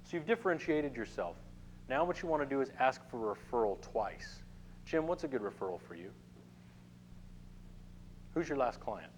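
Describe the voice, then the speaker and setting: A man's voice: mid-range voice, animated, moderate pace, long pauses, a little hiss or hum, low-quality recording. A middle-aged man teaching a networking workshop to a live room, talking casually and checking in with "okay?" often. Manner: conversational, addresses the room with frequent "okay?" check-ins. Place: meeting room with a small audience.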